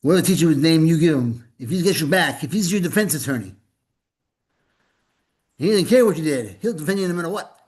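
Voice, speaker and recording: A man's voice: fairly high pitch, animated, a little fast, pauses often, slightly rough. A man leading a spiritual gathering and giving an informal, rambling sermon, often repeating words and slipping in jokes.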